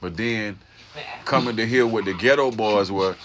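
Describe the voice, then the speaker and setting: A fairly low-pitched man from Atlanta talks easily in an interview. His delivery is loose and relaxed, with plenty of fillers. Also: normal speed, noisy background. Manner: laid-back, full of fillers and restarts. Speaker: group member being interviewed. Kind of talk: casual interview talk.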